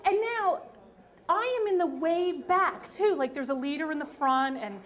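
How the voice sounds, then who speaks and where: High-voiced woman telling a funny story. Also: measured pace. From New York. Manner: lively, self-mocking, emphatic. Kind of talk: live story slam telling. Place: stage at a live storytelling event.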